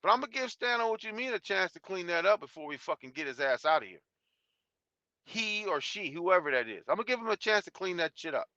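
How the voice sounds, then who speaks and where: A man's voice: sits high, big pitch swings, fast talker, sharp tone, no room sound. A man hosting a live stream, talking bluntly and profanely in a rambling way with many restarts. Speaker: YouTube channel host. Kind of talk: live stream talk reading chat. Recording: dull lo-fi sound.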